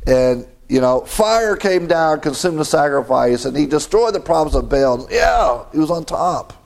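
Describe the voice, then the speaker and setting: A man's voice: on the high side, lively intonation, a little slow, creaky. A man preaching a sermon, reading scripture and adding conversational asides with frequent chuckles.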